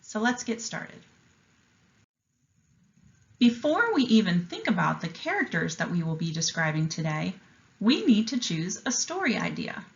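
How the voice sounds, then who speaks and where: A woman teacher reading a picture book aloud with an expressive, enthusiastic delivery and explaining a writing lesson to young students. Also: on the low side, measured pace, vocal fry, pauses often, muffled recording.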